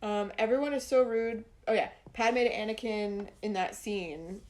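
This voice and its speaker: A woman co-hosting a podcast in casual chat, rambling and animated with lots of fillers, recorded over the phone. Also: mid-range voice, moderate pace. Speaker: podcast co-host. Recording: phone call audio.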